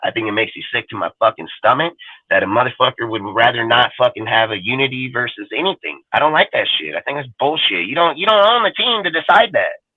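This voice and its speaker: A man hosting a fan talk show, ranting heatedly with constant profanity and repetition, his voice jumping loud and high when angry. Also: very animated, quick pace, no echo. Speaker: show host. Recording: tinny phone-like line, dry.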